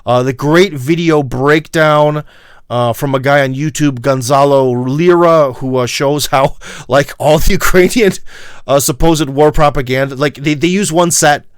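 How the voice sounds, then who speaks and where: A man's voice: on the high side, unhurried, smooth, no echo, clean studio sound. A man with a Midwestern American accent, hosting a casual livestream and rambling to his viewers with many fillers and emphatic asides. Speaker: livestream host.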